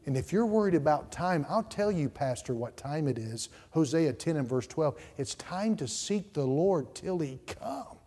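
Impassioned higher-voiced male preacher. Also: animated, normal speed, hardly any pauses. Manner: impassioned preaching, repeats words, swings from quiet to loud. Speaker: pastor. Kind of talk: sermon. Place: church sanctuary. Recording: reverberant church hall.

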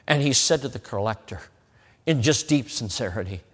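An emphatic male preacher delivers an evangelistic sermon, moving between forceful loud phrases and hushed, drawn-out ones. His voice sits at an ordinary male pitch. It rings through a church sanctuary with a long hall reverb. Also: lively intonation, slightly rough. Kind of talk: evangelistic sermon with altar call.

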